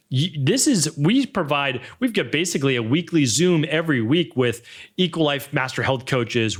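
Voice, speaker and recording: A man around fifty with a Boston accent, hosting a solo podcast in an energetic, motivational way and stretching words for emphasis. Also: high voice. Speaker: podcast host.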